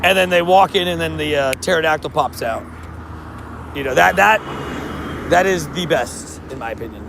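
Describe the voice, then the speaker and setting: A man's voice: fairly high pitch, normal speed, vocal fry, a bit bright, slight background noise. A man streaming a mobile game, chatting casually with his viewers. He laughs often and trips over his words.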